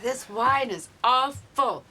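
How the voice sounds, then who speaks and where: An actress playing a snobby former soap star with a prim, proper, affected way of speaking. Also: female voice, high-pitched, takes it slowly, bright, forceful tone, faint music behind, full character voice. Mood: haughty.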